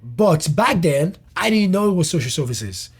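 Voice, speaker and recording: A young man, a comedian guest, telling a personal story in an interview, animated and loose, with swearing and restarts. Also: high-pitched, normal speed, husky.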